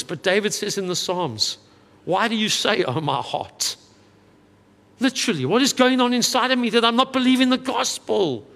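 High-voiced preacher in a reverberant hall. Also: male voice, fairly bright tone. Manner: earnest, conversational preaching with quick asides. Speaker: pastor. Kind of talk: sermon.

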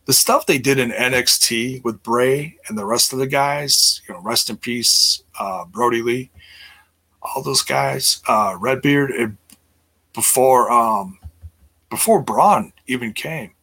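Bright-voiced man rambling on a livestream. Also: medium pitch, a little slow, breathy edge. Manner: rambling, many fillers and restarts. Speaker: livestream host. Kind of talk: casual livestream chat.

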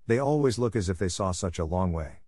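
A man's voice: sits low, lively intonation, a little fast, warm tone, dry recording, studio quality. A man voicing a timid, admiring schoolgirl who falters when startled, in an audiobook.

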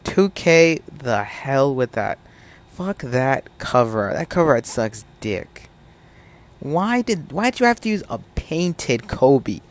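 A young man hosting his own podcast, ranting in a profane, animated way. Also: mid-range voice. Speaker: podcast host. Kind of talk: solo podcast rant.

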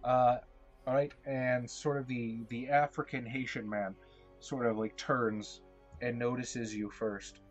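Husky man running a tabletop game. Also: mid-range voice, unhurried, soft background music. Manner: self-deprecating, relaxed, hesitant with fillers. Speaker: storyteller.

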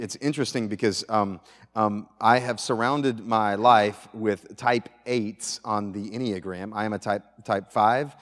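A male pastor preaching a sermon to a congregation, animated, moving between loud emphasis and quiet asides and often restarting his phrases. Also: on the low side. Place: church sanctuary with audience. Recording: reverberant church hall.

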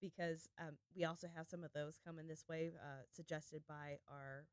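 A woman co-hosting a podcast, trading quick jokes in casual chat and wrapping up the episode. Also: low voice, steady tone, smooth, dry recording. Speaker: podcast co-host.

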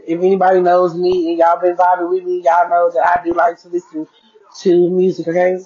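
A woman's voice: on the low side, a little mellow, slightly rough, muffled recording. A woman hosting a casual blog podcast from her bedroom desk, talking loosely to her listeners as y'all and stretching out key words. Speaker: podcast host.

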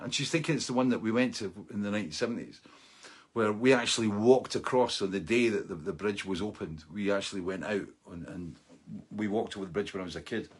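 A middle-aged man tells a story casually, in a low voice with a husky edge. He talks animatedly and breaks into laughter often. He restarts phrases and lets lines trail off as he goes. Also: quick pace.

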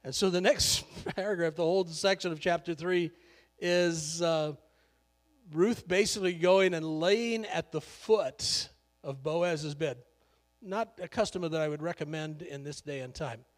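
High-voiced joking male pastor. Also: unhurried, long reverb tail. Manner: conversational and joking, laughs often. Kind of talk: sermon.

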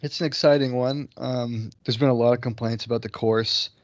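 A young man in college co-hosting a sports podcast, talking in a relaxed, easygoing way. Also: mid-range voice, normal speed, no echo. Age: young adult. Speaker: podcast co-host. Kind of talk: casual sports chat. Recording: dry dull lo-fi audio.

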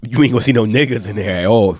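A man's voice: lowish voice, racing, husky. A man hosting a casual podcast chat while sick with a stuffed-up nose, telling loose, profane stories. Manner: loose, profane, animated storytelling. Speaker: podcast host.

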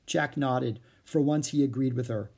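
A man's voice: mid-range voice, normal speed, vocal fry, a little mellow, slightly rough. A man reading a children's chapter book aloud, changing voices for the characters. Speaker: storyteller.

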